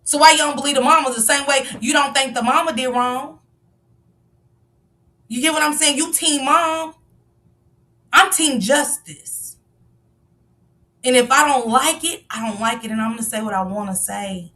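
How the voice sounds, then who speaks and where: A woman's voice: sits high, moderate pace, long pauses, sharp tone, recorded from a distance. A woman giving passionate live-stream commentary, firing off rhetorical questions and sometimes raising her voice. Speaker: livestream commentator.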